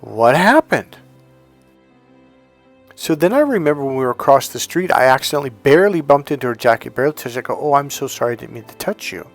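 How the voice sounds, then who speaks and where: A man with an average-pitched voice tells a personal story as a dating coach, rambling and restarting his sentences as he goes. He acts out both sides of the conversation and swears when he gets worked up. Faint music plays quietly under him. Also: big pitch swings, quick pace. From United States. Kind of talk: casual storytelling monologue.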